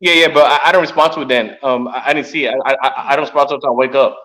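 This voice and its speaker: A man's voice: mid-range voice, fairly even intonation, racing, fairly bright tone, rough recording. A man chatting casually on a call, rambling and repeating himself a lot.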